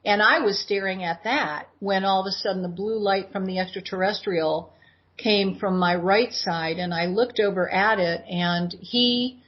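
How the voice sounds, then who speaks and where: A woman in her sixties, a guest in an interview, telling her personal story in an animated way and acting out what she said back then. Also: mid-range voice, moderate pace. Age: 60s. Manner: animated retelling that acts out her own past words. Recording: dull lo-fi audio.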